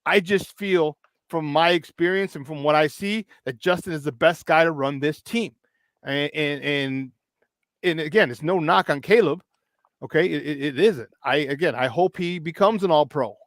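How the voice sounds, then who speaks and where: High-voiced emphatic male sports host. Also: dry recording. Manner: emphatic, keeps asking "all right?"; asks rapid questions. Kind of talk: casual sports talk.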